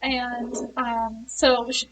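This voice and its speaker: A woman's voice: a little high, level tone, very slow, far from the mic, noisy background. A woman reviewing a book, retelling its plot in a chatty way with frequent laughs and fillers.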